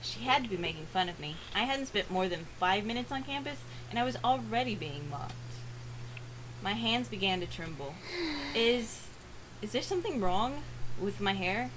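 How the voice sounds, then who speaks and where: A woman reading a visual novel aloud for a let's play, earnest, with dramatic pauses. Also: mid-range voice, animated, noisy background.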